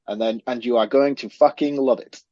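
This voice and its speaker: A man's voice: medium pitch, steady tone, brisk, a little mellow, no room sound, muffled recording. A man co-hosting a horror film podcast in casual chat, laughing at himself as he rambles. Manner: laughs at himself, fumbling attempts at an accent. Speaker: podcast co-host.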